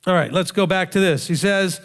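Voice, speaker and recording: A man's voice: high voice, a little fast, smooth. A male rabbi giving a conversational sermon, emphatic and full of rhetorical questions he answers himself. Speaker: rabbi teacher. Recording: long hall reverb.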